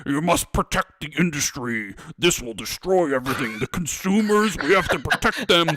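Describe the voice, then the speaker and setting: A man mocking a pompous corporate executive in a lowered, preachy, mock-solemn voice. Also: lively intonation, moderate pace, pushed and bright.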